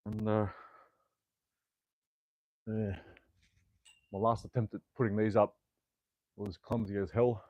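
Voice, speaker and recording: A man's voice: on the low side, little pitch movement, takes it slowly, pauses often, a little mellow, no echo. An Australian man chatting casually on a home workout livestream, rambling with lots of fillers and mild swearing. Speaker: fitness livestreamer. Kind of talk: casual live-stream chat while exercising. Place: at home, indoors. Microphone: clip-on mic that falls off at times.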